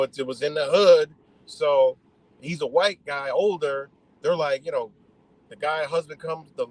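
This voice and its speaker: A man's voice: mid-range voice, rough recording. A man ranting heatedly to his live stream audience, swearing a lot and circling back over his points in an emphatic, repetitive way. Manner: repetitive, restarts mid-thought. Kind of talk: profane ranting monologue.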